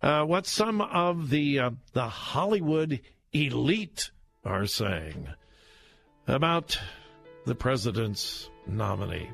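Slow, mocking male talk radio host. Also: mid-range voice, big pitch swings, vocal fry, a bit bright, faint music behind. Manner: mocking, laughs while talking, drawn-out emphatic delivery. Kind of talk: political talk radio commentary. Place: radio studio. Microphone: studio microphone.

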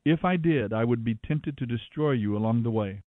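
A man's voice: medium pitch, moderate pace, no room sound, lightly acted. A man reading the stern, commanding words of God in a scripture reading, with a dry, phone-like sound. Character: God, a stern angry divine male voice.

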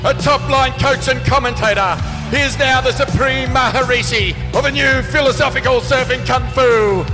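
A man giving a hyped, theatrical introduction of a guest, booming the name out. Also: normal speed. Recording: loud music behind the voice.

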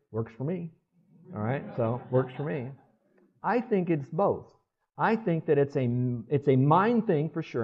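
A man in his sixties, a pastor preaching a sermon and often asking the congregation to respond. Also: fairly high pitch. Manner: conversational, asks the congregation for responses. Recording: dull lo-fi sermon recording.

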